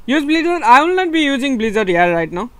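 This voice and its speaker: Young male streamer with a Nepali accent, excitable live commentary, laughs a lot, repeats himself. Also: extremely high pitch, fairly quick, no room sound. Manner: excitable, laughing, repeats words, switches between English and Nepali. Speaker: gaming streamer.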